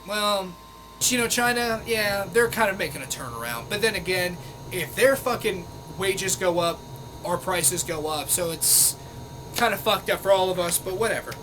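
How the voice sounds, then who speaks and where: A man's voice: high voice, lively intonation, normal speed, noisy background. A man ranting angrily at a commenter, sarcastic and exasperated, swearing often. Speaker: vlogger. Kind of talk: angry rant reading out comments.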